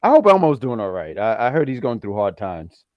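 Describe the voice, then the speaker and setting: Man, co-host, joking, rambling, lively pitch, dry sound. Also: fairly quick, no echo, highs cut off. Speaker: wrestling show co-host. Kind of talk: casual chat.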